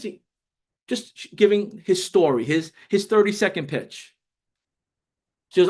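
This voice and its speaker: A man giving a casual motivational sales talk to camera, excitable and telling stories with acted dialogue. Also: high-pitched, fairly quick. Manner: excitable, storytelling with acted dialogue, many restarts. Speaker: sales coach.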